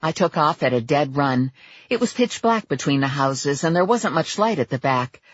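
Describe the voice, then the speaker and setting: Woman reading a first person audiobook, husky voice, lots of pitch swing, dull dry lo-fi recording. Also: expressive, normal speed, no room sound. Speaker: audiobook narrator.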